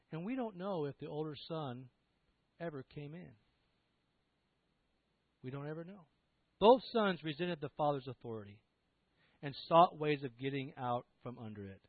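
An emphatic male preacher delivering a sermon, his fairly high voice swinging widely as he presses rhetorical questions. The sound is thin and tinny, like a phone line. The audio is dry, with no room echo.

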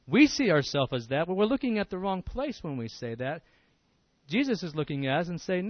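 A man's voice: on the high side, very animated, fairly quick, no echo, dull audio. A man preaching a sermon in an earnest, emphatic way, often repeating words as he restarts a phrase.

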